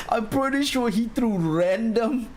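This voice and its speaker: A drawing streamer in casual livestream chat, rambling with frequent laughs and restarts while answering chat questions. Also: mid-range voice.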